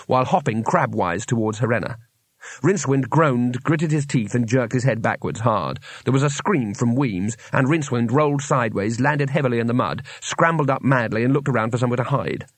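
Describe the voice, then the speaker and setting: Male audiobook narrator, measured wry storytelling, mid-pitched voice, dry close mic. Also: no echo. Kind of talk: scripted narration.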